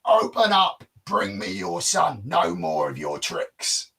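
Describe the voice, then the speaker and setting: A man booming as a child-eating giant. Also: expressive, takes it slowly, far from the mic, heavy background noise. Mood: menacing. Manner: booming, gleeful, threatening. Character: huge menacing child-eating male giant.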